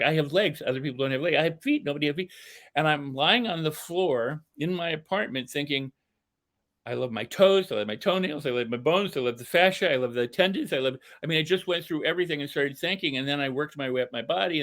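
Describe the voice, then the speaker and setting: A man's voice: medium pitch, a bit bright. An older man, a self-help speaker, earnestly telling a personal story as a podcast guest, repeating phrases for emphasis. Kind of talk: candid storytelling.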